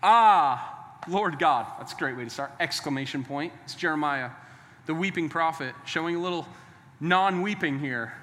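Emphatic preacher with a high, bright voice. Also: male voice, brisk, long reverb tail. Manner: emphatic, conversational preaching with call-and-response. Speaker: pastor. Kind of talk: sermon.

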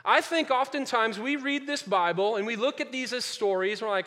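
A man preaching a sermon to his congregation, moving from quiet earnest passages to loud emphatic ones and repeating key phrases. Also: very high voice, a little fast. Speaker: pastor. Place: church sanctuary. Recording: long reverb of a large hall.

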